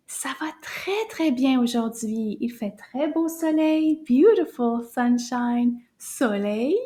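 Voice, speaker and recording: A woman's voice: fairly high pitch, mellow. Sing-song woman teaching kids French. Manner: cheerful, sing-song, slow and exaggerated for children. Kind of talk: kids' language lesson.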